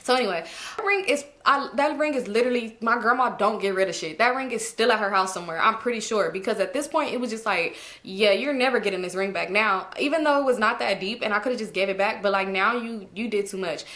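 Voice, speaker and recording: A woman telling a casual storytime, animated and laughing, swearing freely. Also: medium pitch, quick pace. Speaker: storytime vlogger.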